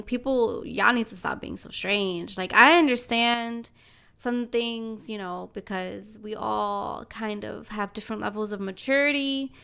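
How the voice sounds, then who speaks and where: A woman's voice: on the high side, gravelly, fairly bright tone, smooth. A woman hosting a casual podcast, laid-back and chiming in with reactions. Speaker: podcast host.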